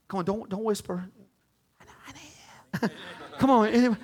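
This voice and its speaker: High-voiced preaching pastor, loud to hushed. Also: male voice, moderate pace, long pauses, slightly rough. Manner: emphatic preaching, swinging from shouts to hushed pleas; repeats short phrases, calls out "come on". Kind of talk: sermon.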